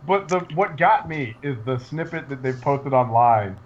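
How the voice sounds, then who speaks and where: A man talking high and with wildly swinging pitch, quick to erupt into profane rants. The audio is slightly muffled, with faint noise behind him. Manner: excitable, profane, loud bursts of ranting. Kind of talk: casual podcast chat.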